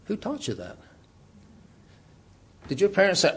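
A middle-aged man preaching in a relaxed, conversational way, laughing often and asking rhetorical questions. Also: sits high, measured pace, long pauses, slightly rough. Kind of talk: sermon.

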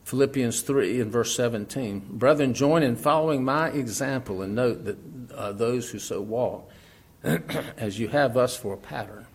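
A middle-aged man preaching in a relaxed, conversational way, laughing often and asking rhetorical questions. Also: mid-range voice, normal speed, breathy edge. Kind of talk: sermon.

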